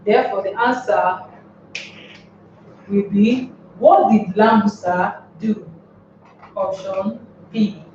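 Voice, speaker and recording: A woman tutor, going through an exam-prep lesson slowly and deliberately and asking the class rhetorical questions. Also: mid-range voice, steady tone, a little mellow, a little hiss or hum. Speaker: English tutor. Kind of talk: slow exam-prep lesson on emphatic stress. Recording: distant, echoey, dull lo-fi room.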